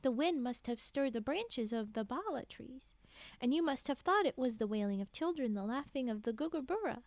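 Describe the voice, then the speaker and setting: Sly male mockingbird luring a man, storybook read-aloud; a woman reads it high and lively, dry close mic. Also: moderate pace, no echo. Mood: coaxing.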